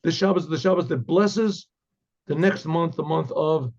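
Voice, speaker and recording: Man, rabbi, halting storyteller, clears throat often, husky voice, dull lo-fi recording. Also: fairly high pitch, a little mellow. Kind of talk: oral storytelling.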